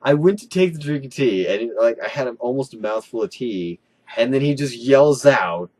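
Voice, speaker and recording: A young man co-hosting, telling a funny story in a casual, excitable way, swearing often. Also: mid-range voice, moderate pace. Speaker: co-host.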